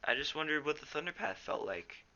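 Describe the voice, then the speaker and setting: A man's voice: a little high, very animated, fairly quick, creaky, pushed and bright, lo-fi sound, voice pushed up, heavily acted. A teen boy as a bold young tomcat. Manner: muttering, plain. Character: young male apprentice cat, bold and curious.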